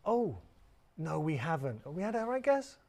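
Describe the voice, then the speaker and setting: In a TV studio, a British man with a slightly high, somewhat mellow voice hosts a live shopping broadcast. He speaks at a normal pace, very animated, chatty and upbeat, and often corrects himself during the sales pitch.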